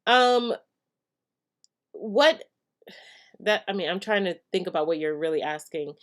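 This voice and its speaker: A woman's voice: on the low side, expressive, a little slow. A woman hosting a casual live stream, reading viewer comments and answering hair care questions in a chatty way with many fillers and frequent laughs.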